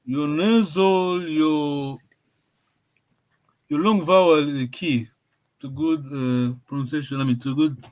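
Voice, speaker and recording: A man teaching a language class, encouraging his students and praising them often, with halting phrases that he repeats and restarts. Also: on the high side, darkish tone.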